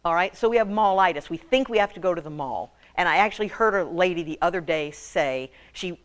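A woman preaches with humor to a women's group, her pitch swinging lively up and down. She jokes and calls on the audience to answer her questions. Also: brisk. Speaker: women's ministry speaker.

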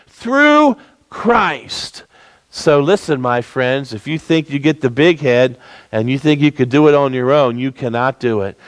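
A man preaching a sermon, swinging between loud emphatic peaks and low, quiet stretches, calling for amens. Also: no room sound. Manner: call-and-response preaching, rising and falling emphatically.

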